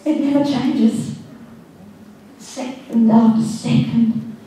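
A woman pastor preaching a fervent sermon, slowing down to stress key words. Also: a little high, steady tone, warm tone. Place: church hall. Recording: very echoey hall, heard from a distance.

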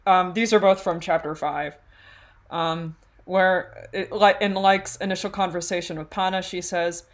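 A woman's voice: lowish voice, fairly even intonation, unhurried. Earnest, giggly woman co-hosting a podcast. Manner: earnest, hesitant, giggly, many ums. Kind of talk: casual chat.

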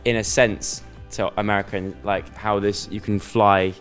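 A man's voice: on the low side, little pitch movement, normal speed, fairly bright tone, faint music behind. A young man chatting casually in an interview, rambling and joking. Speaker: YouTuber guest. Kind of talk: casual chat.

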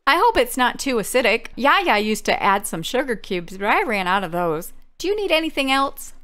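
A woman voicing a kind young island girl, reading game dialogue in a gentle, coaxing way. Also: a little high, sing-song, normal speed.

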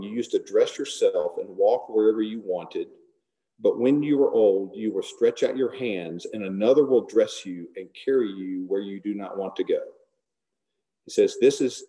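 A man's voice: lowish voice, dark tone. A man leading an informal Bible fellowship, retelling scripture conversationally and acting out the dialogue. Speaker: Bible study teacher.

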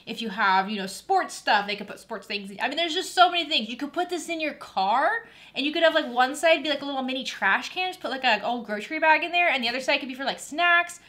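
A woman teaches a sewing project in a chatty, enthusiastic way, full of casual fillers. Her voice sits a bit high and sounds bright and crisp. She talks quickly. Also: expressive. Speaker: sewing channel host. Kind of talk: sewing tutorial.

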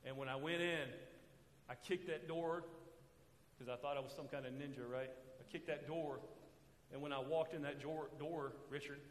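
A man with a voice on the high side delivers a sermon at a moderate pace, his intonation fairly even. The congregation completes his sentences in call-and-response, and the church sanctuary's hall echoes with long reverb.

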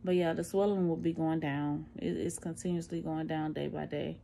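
A middle-aged woman talks into her phone at home, her voice sitting a little low. She sounds out of breath and tired, chatting candidly in a casual vlog. Faint room noise stays in the background. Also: fairly even intonation, normal speed, vocal fry, dark tone. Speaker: vlogger. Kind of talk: casual post-surgery recovery vlog.

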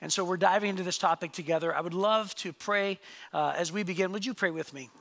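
High-voiced gravelly male pastor. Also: fast talker, a bit bright. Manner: conversational, jokey, asks the congregation questions. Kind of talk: sermon with storytelling. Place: church sanctuary.

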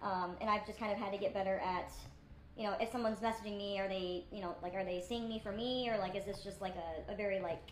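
Speaking fast in a steady, mid-range voice with a little hiss or hum, a woman chats on her vlog. Recorded in an echoey room of a rented place she shares with friends, her talk is rambling, self-deprecating, and full of fillers.

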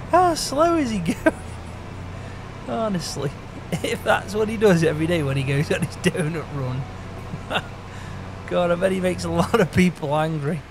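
A man's voice: on the high side, noisy background. A man playing a farmhand in a game roleplay, teasing and chuckling in banter.

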